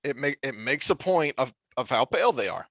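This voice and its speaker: A man co-hosting a podcast, talking through a TV series review in an animated, rambling way with frequent restarts. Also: mid-range voice, fairly quick, dry recording. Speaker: podcast co-host. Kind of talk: casual review discussion.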